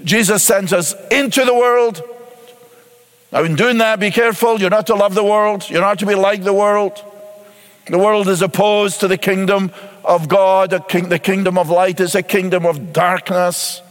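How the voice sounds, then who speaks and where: A man's voice: high voice, steady tone, moderate pace, in a large hall. A man pastor preaching a sermon emphatically, repeating key words and asking rhetorical questions.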